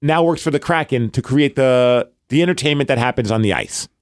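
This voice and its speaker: A man's voice: mid-range voice, fairly quick, clear, resonant tone, dry recording. A man from Brooklyn with a New York accent, co-hosting a podcast and telling a long story in casual chat, rambling and acting out the voices of the people he quotes. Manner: rambling, acts out quoted dialogue. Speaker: podcast co-host.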